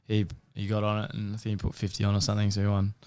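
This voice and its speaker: A man's voice: on the low side, completely flat delivery, rapid-fire, darkish tone, smooth. A man co-hosting a casual racing podcast, laid-back and blunt, swearing and teasing his co-host. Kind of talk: casual racing tips chat.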